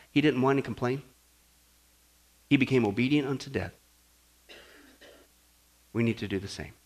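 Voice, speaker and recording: A man preaching a sermon, moving between hushed, slow stretches and loud, emphatic passages. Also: medium pitch.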